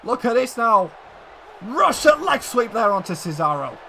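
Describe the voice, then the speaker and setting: A man giving excited play-by-play commentary on a wrestling video game, often shouting and addressing the audience as ladies and gentlemen. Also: very high voice, measured pace, vocal fry, a little hiss or hum.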